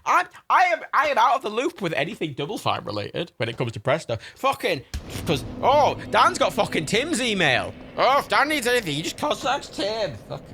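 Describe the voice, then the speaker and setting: Lively man chatting while gaming. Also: sits high, normal speed, hardly any pauses, background noise. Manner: rambling, swearing, laughing storyteller. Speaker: livestream gamer. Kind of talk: casual gaming stream chat.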